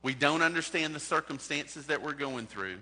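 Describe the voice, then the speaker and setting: A man's voice: on the high side, normal speed, sharp tone, breathy edge. A man preaching a sermon as a pastor, talking in a conversational way and putting direct questions to his congregation. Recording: long hall reverb.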